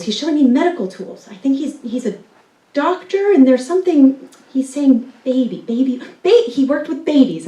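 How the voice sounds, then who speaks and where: A woman's voice: on the high side, echoey room, recorded from a distance, low-quality recording. A woman telling a true personal story on stage, acting out quotes and laughing as she goes. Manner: animated, acts out quotes, laughs while telling.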